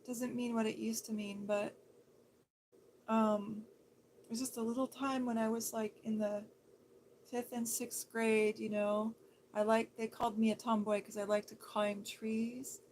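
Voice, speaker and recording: A woman from Seattle hosting a livestream, chatting in a gentle, sympathetic way as she reads out viewers' comments, sometimes dropping to a whisper. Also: a little high, flat delivery, a little slow, a little hiss or hum. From Seattle, Washington State. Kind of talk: casual soft-spoken livestream chat.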